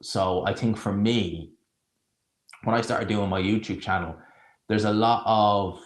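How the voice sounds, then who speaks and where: A man's voice: lowish voice, steady tone, unhurried. A man streaming a live watch-along, chatting casually and sarcastically, rambling and stopping to search for names. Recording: roomy echo.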